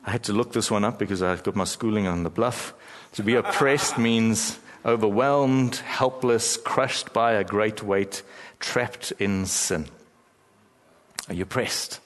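A middle-aged male pastor preaches with a fairly low voice and a storyteller's sense of timing. He stretches out key phrases and pauses for weight. The sound rings with the long reverb of a large church hall. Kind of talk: sermon.

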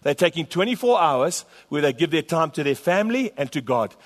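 A man's voice: fairly high pitch, very animated, brisk. A man pastor preaching a sermon to his church, emphatic and repetitive. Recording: long hall reverb.

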